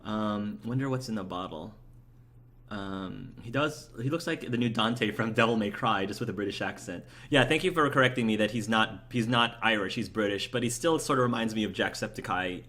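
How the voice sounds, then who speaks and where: Chatty man with lowish voice. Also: a bit bright. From United States. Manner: chatty, enthusiastic, rambling with fillers. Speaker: let's play host. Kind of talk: casual gameplay commentary, reading chat aloud.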